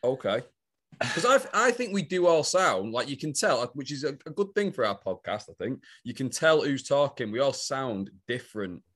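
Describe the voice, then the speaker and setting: A man's voice: mid-range voice, big pitch swings, fairly bright tone. A man with a Manchester accent, co-hosting a podcast in casual, teasing chat. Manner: teasing, quick to rant. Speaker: podcast co-host. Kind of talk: casual chat among friends.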